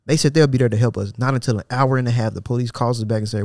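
A man's mid-pitched voice, recorded close and dry with no room sound. He hosts a casual podcast, reading out a thread and breaking off to scoff at it. His delivery is slangy, loose and sarcastic. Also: fairly even intonation, racing, a little mellow, dry recording. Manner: sarcastic and incredulous, breaks off reading to mock the poster. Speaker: podcast host.

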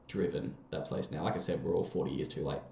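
A man's voice: very deep voice, steady tone, fast talker, creaky, warm tone, echoey room. A young Australian man with an Australian accent, telling rambling stories in casual chat, swearing and laughing often.

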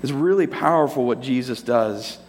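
Speaking at a moderate pace, this pastor has a mid-range voice with a slightly mellow quality. He brings his sermon's story to life, acting out the characters in different voices, while a big hall's long reverb trails his words.

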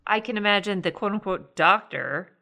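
A woman's voice: mid-range voice, normal speed, vocal fry, pushed and bright. A woman co-hosting a podcast who reacts with gasps, sarcastic remarks and swearing in casual chat.

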